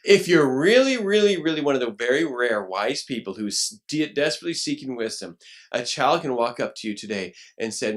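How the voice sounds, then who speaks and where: A pastor preaching a lively sermon, acting out quoted voices and now and then rising to a shout. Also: male voice, mid-range voice, brisk. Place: church.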